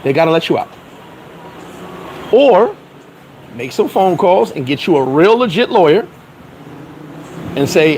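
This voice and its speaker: A blunt, streetwise man with a fairly high voice talks casually and profanely, voicing the people in his stories as he goes. Faint traffic and outdoor ambience sit behind him. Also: sing-song, a little slow, long pauses, a little mellow, low-quality recording. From New York. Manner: acts out dialogue in quoted voices. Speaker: vlogger. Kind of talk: casual advice monologue.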